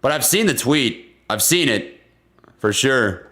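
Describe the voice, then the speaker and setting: A man hosting a live stream about stocks, chatting casually and excitably with viewers and breaking down price charts. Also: mid-range voice, slow pace. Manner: excitable, easygoing, laughs often, slangy. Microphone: desk condenser microphone.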